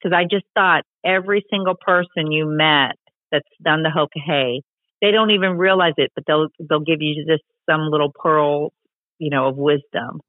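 A woman telling stories as a podcast guest, animated and chatty, acting out the voices of people she quotes. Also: sits low, normal speed, dry recording. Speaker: podcast guest, long-distance motorcycle rider. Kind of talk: casual storytelling interview. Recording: tinny phone-like line, dry.

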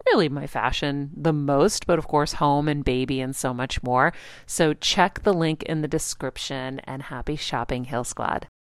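A woman in her forties hosts a podcast in an easy, chatty way, telling stories with lots of animation. Her voice sits low, and the recording is dry and close with no room sound. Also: moderate pace, clean tone, no echo. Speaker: podcast host. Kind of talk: casual chat.

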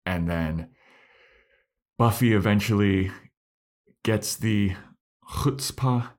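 A man's voice: lowish voice, slow. A man co-hosting a podcast, casually retelling scenes and acting out the characters' lines. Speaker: podcast co-host. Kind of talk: casual recap chat.

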